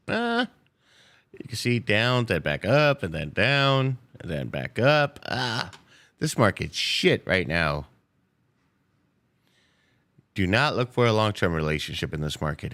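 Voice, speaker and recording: Animated low-voiced man hosting a trading stream. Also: takes it slowly, pauses often. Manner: loose and playful, swears freely, chats with viewers. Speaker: day-trading livestream host. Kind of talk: casual live market commentary.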